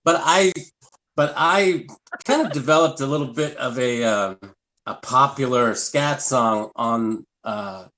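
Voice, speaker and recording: A man's voice: medium pitch, slow pace, bright, forceful tone, slight background noise. A man, a comedian guest, telling rambling self-deprecating stories in casual live-stream chat. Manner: rambling, self-deprecating storytelling with scat vocal bits.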